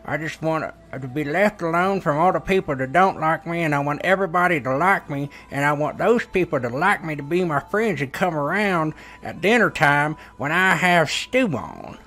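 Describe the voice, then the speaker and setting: A man putting on a lonely old man with no teeth, mumbling gummy words in a rambling, folksy drawl. The voice sits a bit high and sounds bright and forward. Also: expressive, drawn-out words, few pauses, full character voice. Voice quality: gummy, lisping, toothless mumble.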